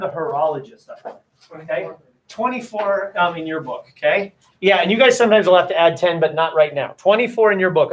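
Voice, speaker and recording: A man's voice: fairly high pitch, poor audio. A male teacher giving a casual classroom lecture on a novel, chatty and acting out back-and-forth exchanges with students.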